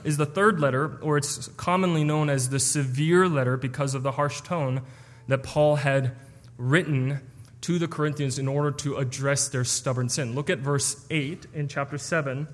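Man preaching, earnest, explanatory, slightly high voice, long reverb around him. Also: fairly even intonation, moderate pace. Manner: earnest, explanatory, with stumbles and restarts. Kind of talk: expository sermon.

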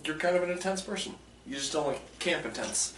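A man's voice: on the high side, a little fast, noisy background. A young man co-hosting a casual food podcast, joking and swearing a lot as he chats. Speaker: podcast co-host. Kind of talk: casual chat over food and drinks. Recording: echoey room, mic at a distance.

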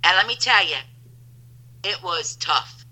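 A woman, a guest telling loud, animated stories in casual chat over a phone line. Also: lowish voice, measured pace.

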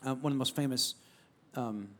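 A man's voice: mid-range voice, a little fast, fairly bright tone. A man preaching a sermon in a conversational, emphatic style, repeating phrases and calling out to the congregation. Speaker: pastor.

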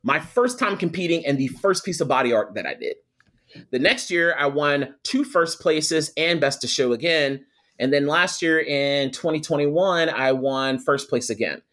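A young adult man, a guest telling a personal story with lively quoted voices. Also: fairly high pitch, normal speed. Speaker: guest, photographer and attorney. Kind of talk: storytelling in a podcast interview.

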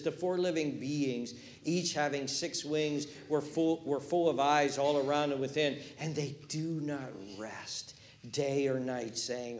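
A man preaching a sermon, animated, acting out quotes and swinging from hushed words to loud ones. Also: mid-range voice, a little hiss or hum. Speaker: pastor.

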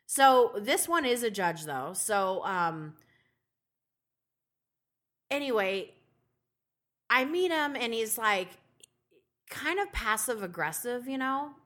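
A woman's voice: on the high side, slow pace, long pauses. A woman podcast host chatting casually and telling a story with lots of swearing and acted-out quotes. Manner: animated storyteller, swears freely, acts out quotes. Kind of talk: casual chat.

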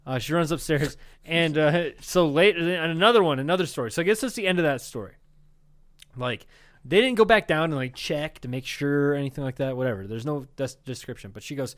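A male comedy podcast co-host chatting loosely, with a voice that sits a touch high. He swears a lot and keeps breaking into laughter. Now and then he slips into goofy voices. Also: sing-song, fairly quick. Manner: profane, giggly, laughs often and puts on silly voices. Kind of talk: casual comedy podcast chat.

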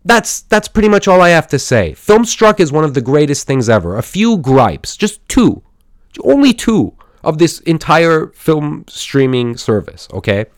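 A man's voice: fairly high pitch, sing-song, a little slow, no echo, clean studio sound. A man hosting a casual solo podcast, rambling enthusiastically with many fillers and restarts. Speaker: podcast host.

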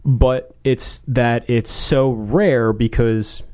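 A man's voice: medium pitch, steady tone, drawn-out words, darkish tone, smooth. A man in casual chat, rambling through a story with many fillers, restarts and joking asides.

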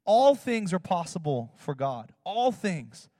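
Male pastor, 30s, chatty sermon storyteller, slightly high pitch, long reverb tail. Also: slow, clean studio sound. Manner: animated, acts out quotes in other voices, fillers like "like" and "you know".

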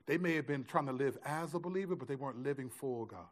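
A man preaching a sermon as a pastor, telling a story in a lively, casual way with lots of restarts and slang. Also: mid-range voice, fast.

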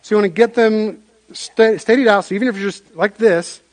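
Pastor, male, higher voice, animated sermon delivery, repeats and restarts phrases. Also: fairly quick. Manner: animated storytelling with frequent restarts.

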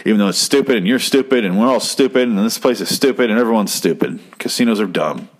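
A man voicing a bossy, stingy middle-aged husband who scolds in a fast rant. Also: lowish voice, close to an everyday voice. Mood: scolding.

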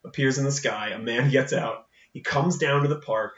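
A man co-hosting a casual movie-discussion chat, animated and swearing casually, often acting out characters' lines. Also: mid-range voice, moderate pace. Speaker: podcast co-host. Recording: echoey room, distant mic, dull lo-fi sound.

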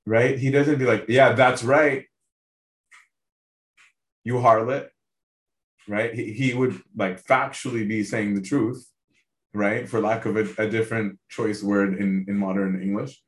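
A man's voice: lowish voice, steady tone, moderate pace. A man teaching a casual Bible study, talking conversationally, often checking in with his listeners and restarting his sentences. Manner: conversational, keeps checking in with "right?"; frequent restarts and repeated words. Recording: echoey room.

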